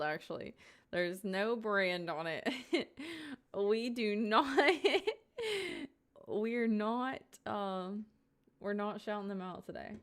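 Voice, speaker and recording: A woman's voice: medium pitch, fairly bright tone. A young woman live streamer chatting casually and playfully with her viewers, giggly and rambling, sitting at home at a desk mic.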